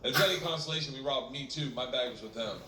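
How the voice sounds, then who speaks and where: A man's voice: medium pitch, very fast. A man doing rowdy, profane stand-up storytelling on stage in front of a live crowd. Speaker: stand-up comedian. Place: comedy stage before a live audience. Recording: distant echoey stage audio with noise.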